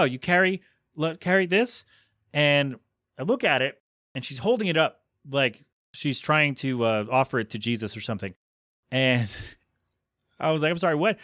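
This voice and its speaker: A podcast host telling a story in a casual, animated way and acting out the voices of the people in it. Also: male voice, mid-range voice, dry recording, clean studio sound.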